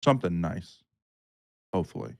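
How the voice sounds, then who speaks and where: A man's voice: sits low, lively intonation, normal speed, creaky, a little mellow. A young man hosting a podcast, joking around and swearing freely in casual chat. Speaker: podcast host.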